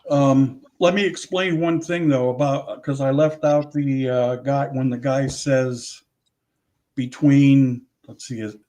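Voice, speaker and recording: Male interview guest, unhurried delivery, mid pitch, rambling with frequent self-corrections. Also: fairly even intonation, warm tone. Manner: rambling, restarts and corrects himself. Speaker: audio researcher, interview guest. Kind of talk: casual interview talk.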